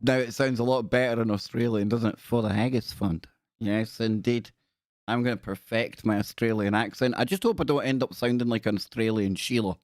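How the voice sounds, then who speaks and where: Hosting a live stream, a man chats casually, greets viewers by name, and tosses in jokey, self-deprecating asides. His mid-range voice is fairly even and a little fast, recorded clean in the studio with no room sound.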